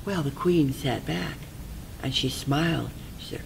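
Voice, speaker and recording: A storyteller telling a fairy tale aloud in a lively, expressive way, leaning on repeated phrases and simple rhythm. The voice sits mid-range, with faint room ambience behind. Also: mid-range voice, normal speed, gravelly, a little hiss or hum, low-quality recording.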